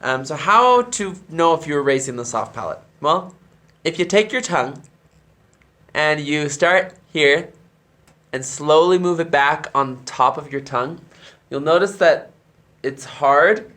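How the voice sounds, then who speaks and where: A man's voice: a little high, lively intonation, unhurried, bright, forceful tone. A man who directs a church choir, explaining vocal technique in a tutorial and demonstrating the sounds with his own voice.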